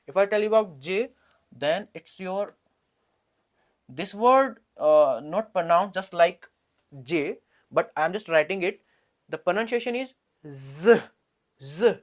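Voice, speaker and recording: A language teacher slowly explaining letters, with frequent fillers and hesitations, a Hindi native speaker. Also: medium pitch, lively intonation. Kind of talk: alphabet lesson.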